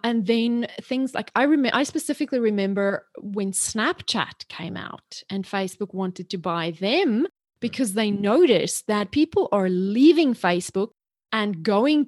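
A woman from South Africa with a mixed South African, British and Australian accent, chatting as a podcast guest in a lively, playful way. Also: mid-range voice, unhurried, dry recording, clean studio sound. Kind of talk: podcast interview.

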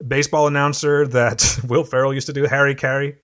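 A man's voice: medium pitch, little pitch movement, a little fast, fairly bright tone. A man in his thirties co-hosting a podcast in casual chat, dry and teasing, laughing often. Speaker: podcast co-host.

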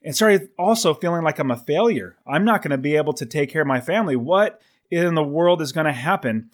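A man in his thirties tells a personal story earnestly, and his voice sits a little higher than most men's. He acts out his own inner thoughts with lively feeling as he goes. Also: fairly quick. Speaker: investor telling his story.

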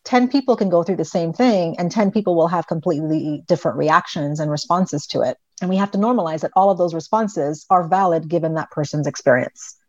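A middle-aged woman explaining things as a psychologist guest in an interview, her voice sitting a little low. She tells stories animatedly, jumping into the voices of the people in them. The audio is dry and somewhat dull. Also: fairly quick, hardly any pauses, dry recording. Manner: animated storyteller, voices her children in quotes. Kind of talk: conversational interview.

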